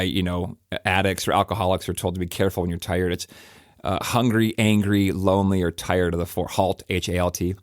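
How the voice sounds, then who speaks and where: A middle-aged pastor talks through a personal reflection, his low voice wandering through fillers and restarts. The sound is dry and close, with no room around him. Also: no room sound. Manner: rambling, conversational, many fillers and restarts.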